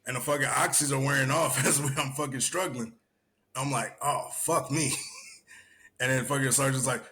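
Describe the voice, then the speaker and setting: A young man hosting a podcast, telling stories in a profane, animated way. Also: medium pitch, brisk. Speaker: podcast host. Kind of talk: casual chat.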